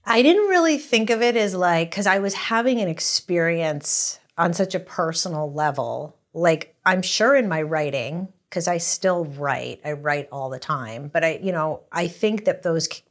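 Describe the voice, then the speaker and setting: This middle-aged memoirist from the American East Coast talks candidly in an interview, her voice lowish and unhurried with hardly any pauses. She wanders from point to point with animation, frequently starting sentences over.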